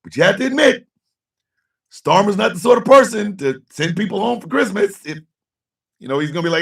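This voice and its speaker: A man hosting a casual talk show, ranting loudly and cursing, swinging between shouting and low mutters. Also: lively intonation, a little fast, creaky, long pauses, distant mic. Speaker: host.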